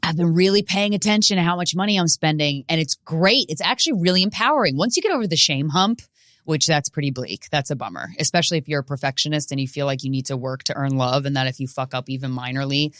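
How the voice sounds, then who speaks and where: Low-voiced woman doing a comic monologue. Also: fast talker, no room sound, clean studio sound. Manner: profane, rambling, animated with sudden shouted bits. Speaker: podcast host and stand-up comedian. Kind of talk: solo comedic monologue.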